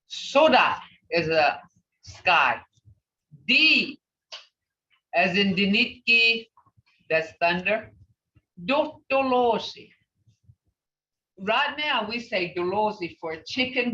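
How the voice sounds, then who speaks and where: Woman language teacher, unhurried and bright, patient drill of words; roomy, dull recording. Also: mid-range voice, far from the mic. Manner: patient, sounds out each word slowly and repeats it. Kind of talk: teaching a beginner language class. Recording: echoey, dull lo-fi class recording.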